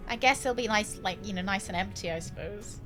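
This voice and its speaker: A woman's voice: medium pitch, a little fast. A woman casually commenting on a video game she is playing, playful, jokey and crude, often laughing and reading game lines aloud. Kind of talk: casual live-stream commentary. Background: game music.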